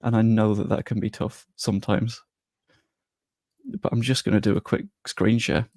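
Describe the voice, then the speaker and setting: A man's voice: lowish voice, level tone, vocal fry, darkish tone, no room sound. A man hosting a livestream chat, teasing and joking with dry, self-deprecating humor. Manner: teasing, quick-witted. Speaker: host.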